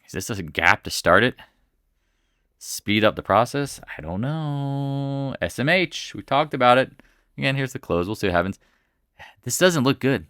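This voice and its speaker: A man's voice: mid-range voice, animated, moderate pace, pauses often, bright, forceful tone, no room sound, clean studio sound. A man giving casual, blunt market commentary over stock charts, often saying "again" and "right?" and breaking into exclamations.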